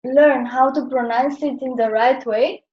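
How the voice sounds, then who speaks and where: Slow, hesitant woman teacher, lo-fi sound. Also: high-pitched, steady tone. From Slovenia. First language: Slovenian. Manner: hesitant, searching for words, many fillers. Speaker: Chinese language teacher. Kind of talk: classroom explanation at a whiteboard. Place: classroom. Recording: dull lo-fi classroom recording.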